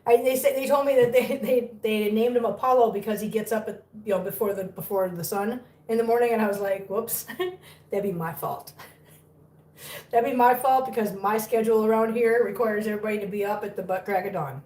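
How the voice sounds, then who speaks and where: A woman's voice: medium pitch, steady tone, fairly quick, a little mellow. A woman hosting a casual livestream from home, cooing baby talk to her cats between chatty updates to viewers. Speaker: cat rescue livestream host. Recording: echoey room, far from mic.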